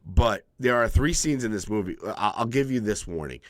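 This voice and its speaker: A man's voice: lowish voice, moderate pace, no room sound, studio quality. A man co-hosting a podcast, casually and profanely recapping a horror movie and acting out the characters' lines. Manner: profane, animated movie recapping with acted-out quotes. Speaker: podcast co-host. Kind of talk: casual chat.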